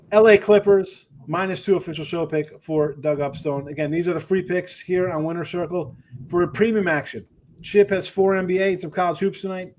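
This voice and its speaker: A man with a New Jersey accent hosting a sports betting show, joking and ranting in casual chat. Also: high voice.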